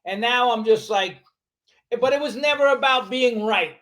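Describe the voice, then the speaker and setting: A man's voice: extremely high pitch, moderate pace, fairly bright tone. An older man from New York City with a New York accent, a podcast guest talking bluntly, profanely and combatively in casual conversation. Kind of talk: casual interview chat.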